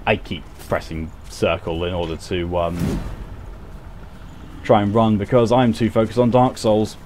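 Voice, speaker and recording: A man's voice: on the low side, fairly even intonation, measured pace, background noise. A man giving casual, self-mocking commentary while he plays a game on stream, often laughing at his own mistakes. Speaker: gaming streamer.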